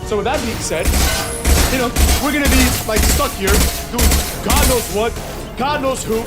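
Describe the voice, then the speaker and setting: Profane high-voiced man ranting. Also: moderate pace, loud music behind the voice. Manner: profane, rambling, many "right?" tag questions. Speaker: streamer. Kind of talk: casual ranting commentary.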